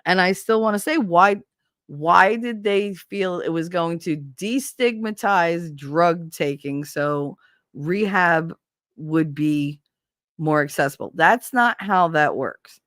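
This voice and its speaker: A woman's voice: fairly low pitch, slow, fairly bright tone, dry recording, studio quality. A woman streamer in casual live-stream chat, rambling and candid, swearing freely and laughing often.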